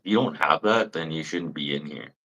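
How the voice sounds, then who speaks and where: Deep-voiced Canadian guy ranting casually. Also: a little fast, bright, forceful tone, low-quality recording. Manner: swears freely, rambling and blunt; mocks people in high put-on voices. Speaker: livestream host. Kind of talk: casual live chat with viewers.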